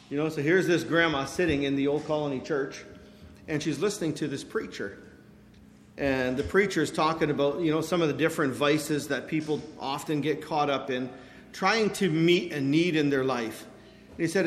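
A man preaches to a congregation, slipping into voices as he retells stories and peppering his talk with casual fillers. His voice sits a bit high. It rings out with a long reverb through a large hall. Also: normal speed, a little hiss or hum. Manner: animated storytelling with quoted voices, many fillers. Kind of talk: sermon.

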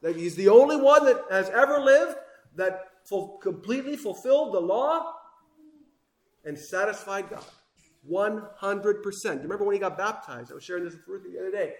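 A man preaches with high-pitched fervor, pressing his points hard and then dropping to near hushes. His voice rings in an echoey room as he delivers the sermon. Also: animated, moderate pace. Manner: impassioned, swings between loud emphasis and hushed asides.

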